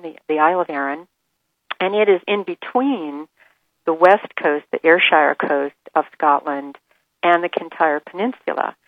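A woman author talks on a radio interview and tells her stories with animated enthusiasm. Her voice sits somewhat low and close. The sound is dry and dull, like a phone line. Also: dry recording. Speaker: author guest.

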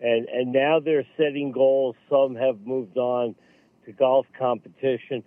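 An earnest man talks haltingly, circling back to restart his phrases. He comes through a narrow, tinny phone line with a dry sound and no room around him. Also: medium pitch, fairly even intonation, no echo. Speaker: radio guest, veterans golf program leader. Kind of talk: phone-in radio interview.

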